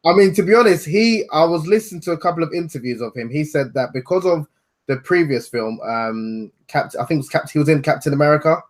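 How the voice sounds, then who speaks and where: A man's voice: a little high, lively intonation, quick pace. A man from West Africa, a guest author, speaking earnestly in casual conversation, with asides and self-corrections.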